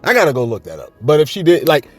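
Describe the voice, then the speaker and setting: A man doing casual, comedic celebrity gossip commentary, rambling and animated, with faint music behind. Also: on the high side, fast, breathy edge. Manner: animated, rambling, keeps saying "you know what I'm saying".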